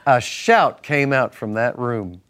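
A man's voice: mid-range voice, lively intonation, slow pace, fairly bright tone, clean tone. A male minister teaching from the Bible on a Christian talk show, emphatic and repetitive in a preacherly way.

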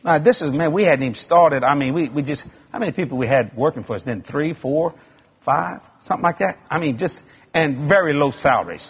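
A man's voice: a little high, animated, fairly quick, slightly rough. A middle-aged male preacher, telling a folksy, joking story in a sermon. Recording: dull lo-fi recording.

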